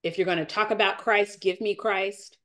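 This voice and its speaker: A woman's voice: steady tone, moderate pace, fairly bright tone. A woman in her forties giving an earnest, emotional faith testimony as a podcast guest, close to tears and repeating her phrases. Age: 40s. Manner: earnest, repeats phrases, rises in pitch as she grows tearful. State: near tears.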